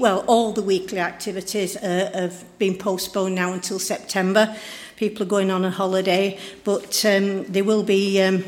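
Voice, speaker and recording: A woman's voice: medium pitch, flat delivery, normal speed. A woman welcoming a church congregation and giving the weekly notices, with a friendly, hesitant delivery full of fillers.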